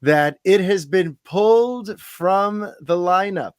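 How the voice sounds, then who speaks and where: Male host, somewhat high pitch, dry close mic, conversational with wry asides. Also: slow pace, clean tone, dry recording. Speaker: podcast host. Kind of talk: casual chat.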